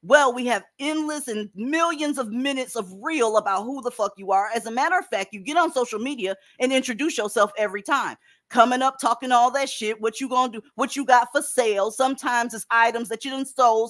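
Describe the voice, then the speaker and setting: A woman's voice: a little high, a little fast, a bit bright. Blunt, profane woman host. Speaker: panel host. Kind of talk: casual commentary chat.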